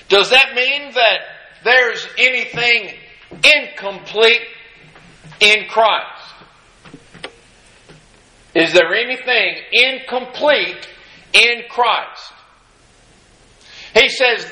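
A man's voice: high-pitched, expressive, takes it slowly, pauses often, bright, forceful tone, roomy sound, low-quality recording. A man preaching a sermon, impassioned and repetitive, with emphatic refrains and many restarts.

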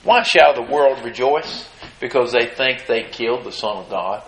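A man's voice: mid-range voice, normal speed, fairly bright tone. A man preaching a sermon, reading scripture aloud and then commenting on it in a folksy, emphatic way. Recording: roomy echo.

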